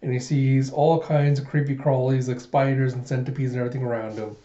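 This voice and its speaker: A man hosting his own channel, summarizing a manga chapter by chapter in a relaxed, casual way, full of "he's like.". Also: medium pitch, quick pace, hardly any pauses. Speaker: host of a manga review channel. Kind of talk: casual manga read-through. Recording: dull echoey room recording.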